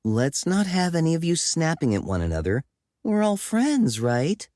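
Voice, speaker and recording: A man's voice: on the high side, big pitch swings, moderate pace, a little mellow, no echo, studio quality, voice pushed up. A man voicing a sweet, bubbly young woman in an audiobook, soothing and peacemaking. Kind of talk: audiobook character voice.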